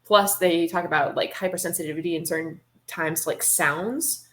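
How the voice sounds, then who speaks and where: A woman scientist guest on a podcast over a video call, explaining quickly with fillers in casual chat and making dry jokes. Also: lowish voice, fairly even intonation, a bit bright. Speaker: scientist guest, neuro-immunologist.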